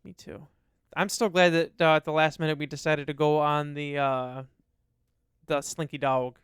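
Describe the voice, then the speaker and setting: A man's voice: on the high side, level tone, normal speed, fairly bright tone, clean tone, no echo, studio quality. A man co-hosting a casual podcast, reading listener comments aloud and chatting about them. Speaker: podcast co-host. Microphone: studio dynamic mic.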